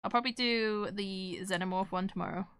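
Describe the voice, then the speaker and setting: A woman's voice: medium pitch, fairly even intonation, fairly quick, a bit bright, clear, resonant tone. A woman streamer chatting casually with her live chat while she draws, joking and self-deprecating.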